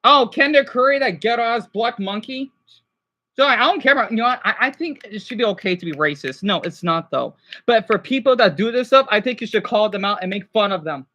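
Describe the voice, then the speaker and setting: A man's voice: high voice, expressive, a little fast, pushed and bright. A man streaming live and reacting, rambling and agitated, stammering and restarting his sentences and apologizing often, sounding stressed and overwhelmed. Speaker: livestreamer. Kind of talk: rambling livestream reaction commentary.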